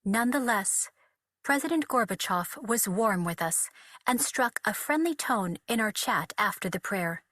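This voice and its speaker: A woman reads a devotional text aloud in a steady, measured way, her voice sitting at a middle pitch. The sound is dry and close, with no room around it. It comes through a video call. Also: no room sound. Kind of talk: scripted devotional reading. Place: home over a video call.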